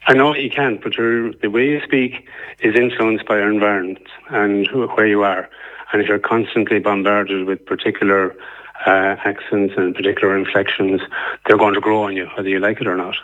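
An Irish man calling in to a radio phone-in and arguing his point earnestly at length, with many pauses and fillers. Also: on the low side, fairly even intonation. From Ireland. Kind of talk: call-in debate. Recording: tinny phone line.

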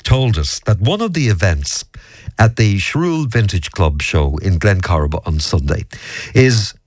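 A man's voice: on the low side, a little mellow, no echo. A man hosting a local radio show, chatting easily and reading out listener texts. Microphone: studio mic.

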